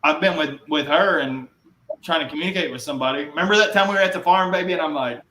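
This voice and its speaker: A man tells blunt, rambling stories in casual chat, his voice echoing in a roomy space. His pitch sits slightly high for a man. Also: quick pace, sharp tone, slight background noise. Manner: rambling anecdotal storyteller, blunt. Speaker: podcast guest. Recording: roomy echo.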